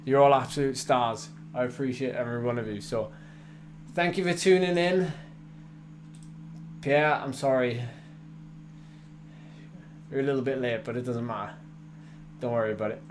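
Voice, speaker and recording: A man's voice: mid-range voice, normal speed, pauses often, a little hiss or hum. A man in his twenties chatting casually with viewers on a cycling live stream, rambling with fillers and restarts, tired after a hard effort. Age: 20s. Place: home indoor training room.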